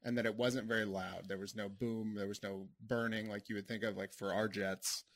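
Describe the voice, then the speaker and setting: A low-pitched man co-hosts a casual podcast. He laughs easily and stretches his explanations out into long, meandering runs. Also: fairly quick. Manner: relaxed, laughs often, long rambling explanations. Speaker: podcast co-host. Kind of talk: casual chat.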